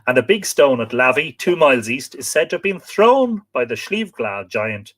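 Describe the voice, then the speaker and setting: A man's voice: mid-range voice, sing-song, normal speed, a bit bright. An Irish man hosting a live stream, reading from a book and adding chatty asides for viewers, sometimes spelling out place names. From Ireland.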